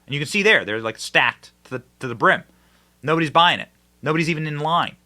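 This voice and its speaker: A man hosting a political commentary show, his voice bright and forceful and pitched a little high. He talks emphatically and mockingly, jumping between loud high bursts and low, quieter asides. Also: fast talker. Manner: emphatic and mocking, with big swings in pitch and loudness.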